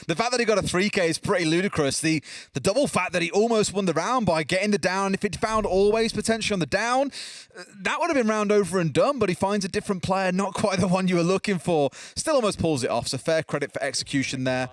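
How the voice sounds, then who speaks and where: A man's voice: high voice, quick pace, no room sound. A man from England doing color commentary on an esports match, teasing his co-caster and laughing often.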